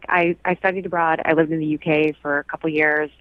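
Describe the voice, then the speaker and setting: A woman's voice: deep voice, little pitch movement, fast, no echo. A woman calling into a radio show, blunt and sarcastic, heard over a muffled phone line. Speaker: caller. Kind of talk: radio call-in chat.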